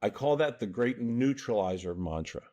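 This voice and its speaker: Brief: man, mid-pitched, coach guest, earnest and emphatic. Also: lively intonation, normal speed, mellow. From New Jersey. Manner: earnest, emphatic, often checks in with "right?". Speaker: mental toughness coach, guest. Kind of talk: podcast interview, explaining.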